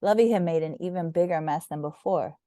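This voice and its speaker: A woman reading a children's storybook aloud with gentle, expressive narration. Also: lowish voice, brisk, dry recording, studio quality. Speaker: storybook reader.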